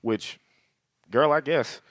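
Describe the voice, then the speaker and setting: A man's voice: medium pitch, takes it slowly, fairly bright tone, dry recording, clean studio sound. A man co-hosting a podcast in casual, joking, profane banter, sometimes reading notes in a dramatic announcer tone. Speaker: podcast co-host.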